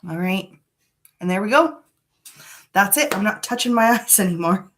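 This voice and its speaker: Speaking at a medium pitch and normal pace, an animated beauty vlogger hosts a casual live makeup chat from her home. She comes across as candid and a touch dramatic.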